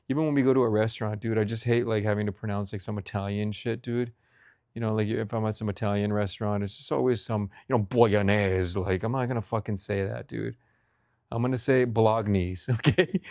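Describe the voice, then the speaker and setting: A man's voice: on the low side, fairly even intonation, fairly quick, gravelly, a little mellow, dry recording, studio quality. A young man vlogging about food in a rambling, profane rant, saying "dude" constantly. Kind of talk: casual ranting monologue.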